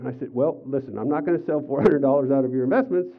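Older male pastor, lively storytelling sermon. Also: mid-range voice, fast talker. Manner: animated storytelling, acts out quotes with raised voice. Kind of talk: sermon with personal stories. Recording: tinny phone-like sound.

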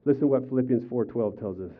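An older man preaching a sermon as pastor, telling personal stories with animated, acted-out quotes. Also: medium pitch, fast. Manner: animated storytelling, acts out quotes with raised voice. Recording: tinny phone-like sound.

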